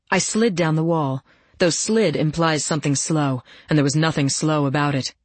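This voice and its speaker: A woman reading a first-person novel aloud in a steady, even storytelling voice. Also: low voice, no echo. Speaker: audiobook narrator.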